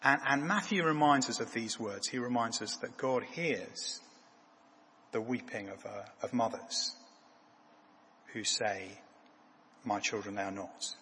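Man preaching softly in an echoey hall. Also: a little hiss or hum. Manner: halting, repeats words, drops to a soft low voice. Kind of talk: sermon.

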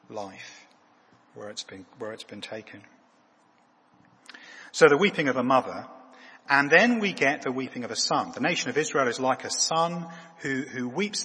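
A man preaching a sermon who repeats his words haltingly and drops to a soft, low voice. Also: long reverb tail, a little hiss or hum.

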